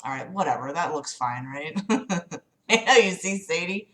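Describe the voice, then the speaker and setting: A woman's voice: on the low side, animated, a little slow, fairly bright tone. A woman hosting a casual livestream, chatting with viewers in an exasperated, apologetic way and swearing often. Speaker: livestream host. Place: home room.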